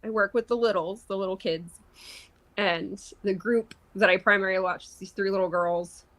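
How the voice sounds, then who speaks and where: A woman's voice: medium pitch, steady tone, normal speed, fairly bright tone, low-quality recording. Woman guest, casual storyteller, mid-range voice, video call audio. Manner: chatty storyteller, laughs often. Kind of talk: casual chat.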